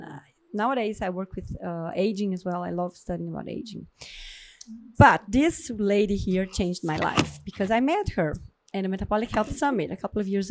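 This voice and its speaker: An effusive woman with a Brazilian Portuguese accent hosts a casual podcast interview. She gushes over her guest with warm enthusiasm and speaks in a mid-range voice, sliding between English and Portuguese. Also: medium pitch. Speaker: podcast host, endocrinologist.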